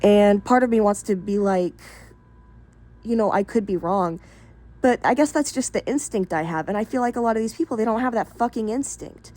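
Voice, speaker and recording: Woman vlogger, mellow voice, middling pitch; blunt, unfiltered monologue with loose asides. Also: moderate pace. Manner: blunt, candid, frequent swearing; rambling with many fillers and asides. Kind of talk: casual opinion monologue.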